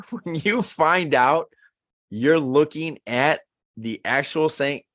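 A man in his thirties co-hosting a casual podcast chat, animated and acting out the lines he quotes. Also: a little high, takes it slowly. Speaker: podcast co-host.

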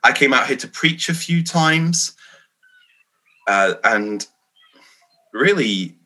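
A man's voice: medium pitch, animated, slow, pushed and bright, low-quality recording. A man raised in England, a Presbyterian minister, answering interview questions in an earnest, reflective and self-deprecating way. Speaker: Free Church minister.

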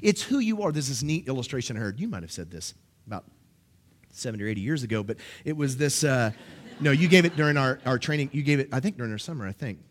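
A middle-aged man preaching a sermon as pastor, animated and jokey, acting out quotes in sudden high voices. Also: quick pace.

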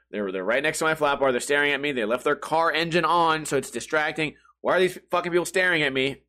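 A man's voice: fairly high pitch, bright, forceful tone. A young man hosting a comedy podcast, telling a self-mocking story casually, swearing and laughing at his own jokes. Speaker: podcast host.

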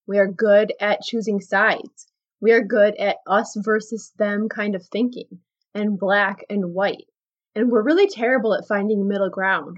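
A woman hosts a Christian podcast in an earnest, chatty way. She reads her stories aloud with lively, dramatic emphasis. Her voice sits at a middle pitch, and the recording is slightly muffled. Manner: earnest, conversational, often says "like" and "guys". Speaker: podcast host. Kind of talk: casual Christian podcast talk with read-aloud story.

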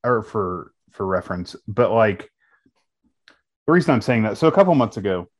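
A man co-hosting a casual podcast, asking a question haltingly and searching for his words. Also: on the low side, big pitch swings. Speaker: podcast co-host, minister. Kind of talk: casual chat.

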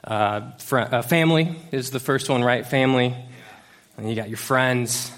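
A man gives a laid-back sermon to a church congregation as its youth pastor, his voice sitting at an ordinary middle pitch. He talks loosely and jokes along the way, with plenty of ums and restarts. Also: moderate pace, a bit bright. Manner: casual, joking, many fillers. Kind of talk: conversational sermon. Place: church service before a congregation.

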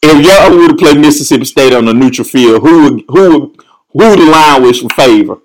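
A man runs the game picks with friends, asking pointed questions. His voice sits a little high and has an easy, teasing tone. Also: expressive, a little fast, poor audio. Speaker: host running the picks. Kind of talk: casual sports banter.

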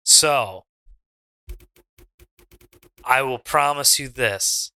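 A man's voice: mid-range voice, drawn-out words, vocal fry, pushed and bright, clean tone, no room sound, soft background music, pitched below the performer's own voice, exaggerated voice. A man voicing a cocky, boastful male pro wrestler with a raised, drawling Southern accent, in a wrestling tabletop game. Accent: American Southern. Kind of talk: in-character wrestling promo.

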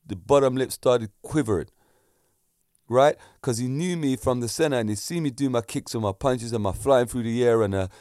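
A man's voice: medium pitch, clear, resonant tone, no room sound, studio quality. A middle-aged man, a kickboxing instructor, telling a story casually to camera and acting out the voices in it. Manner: animated, acts out voices in his stories.

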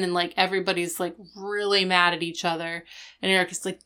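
A young woman with a low, smooth, clear voice recaps a TV episode in casual chat. She retells the plot in quick, animated bursts, filled with "like" and "um". She slips into the characters' voices as she goes. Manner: animated storytelling, acting out the characters' lines; chatty, with many fillers like "like" and "um". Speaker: podcast co-host.

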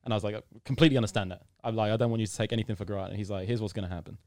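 Racing through his words in a lowish voice, a young British podcast guest tells a long story in a casual interview. He animatedly voices the people involved and breaks into loud excitement. The audio is studio quality with no room sound.

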